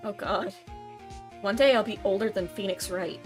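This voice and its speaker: A woman's voice: mid-range voice, moderate pace, faint music behind. A young woman streamer giving casual, self-mocking let's-play commentary.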